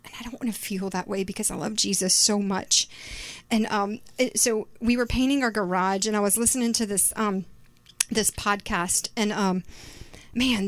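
A woman's voice: medium pitch, no room sound. A middle-aged woman preaching a sermon in a chatty, conversational way, full of "like" and fillers. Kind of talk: sermon with personal story.

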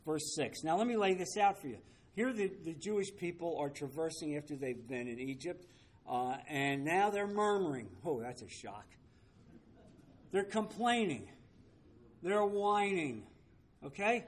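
A man's voice: a little high, animated, a little slow. A man leading a Bible study, speaking emphatically, repeating key phrases and asking rhetorical questions, with the odd wry aside.

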